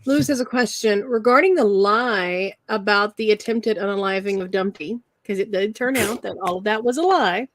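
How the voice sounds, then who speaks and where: A woman co-hosting a casual tarot livestream, reading out viewer questions and agreeing warmly with her partner. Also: medium pitch, a little hiss or hum. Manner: unhurried, agreeable, many affirming yeses.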